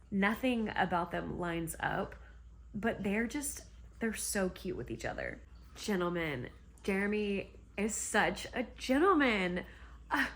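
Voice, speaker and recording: A woman's voice: medium pitch, a bit bright. A woman retelling a romance novel in a chatty, gushing way on her book vlog. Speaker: book vlogger. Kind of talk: casual book reading vlog.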